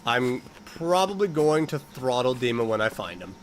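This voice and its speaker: A man's voice: medium pitch, big pitch swings, normal speed, slight background noise. A man playing a horror video game and commenting as he goes, talking to the characters and yelping when startled. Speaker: let's-play host.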